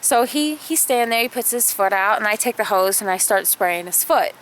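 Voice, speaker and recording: A woman's voice: medium pitch, animated, brisk, fairly bright tone, slight background noise. A woman vlogger telling a family story in a chatty, casual way, full of fillers and acted-out quotes.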